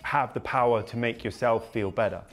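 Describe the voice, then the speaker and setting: A man's voice: mid-range voice, normal speed, a bit bright, soft background music. Friendly, playful male interviewer. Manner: friendly, playful, laughs easily. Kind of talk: casual interview chat.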